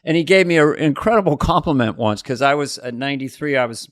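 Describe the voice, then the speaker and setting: An older man shares reflective stories as a podcast co-host and slips into mimicry now and then. His voice has an average male pitch. The recording is dry, with no echo. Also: lively intonation, fast. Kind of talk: casual comedic chat.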